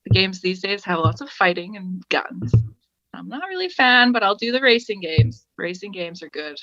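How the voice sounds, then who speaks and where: Bright, upbeat young Canadian woman. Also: mid-range voice, sing-song, moderate pace, no room sound, highs cut off. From west coast of Canada. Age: young adult. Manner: upbeat, easygoing, laughs readily. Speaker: podcast guest. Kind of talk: casual interview chat.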